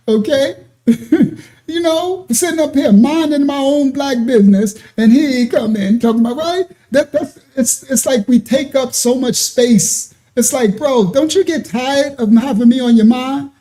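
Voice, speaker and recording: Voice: sits high, dark tone. A livestream host reading chat comments aloud and mocking a troll, laughing often between taunting questions.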